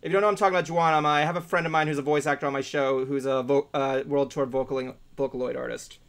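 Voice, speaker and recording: A man's voice: mid-range voice, fairly even intonation, rapid-fire, a bit bright. A young man hosting a casual group podcast, reading out viewer questions and laughing often. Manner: laughs often, loose and rambling.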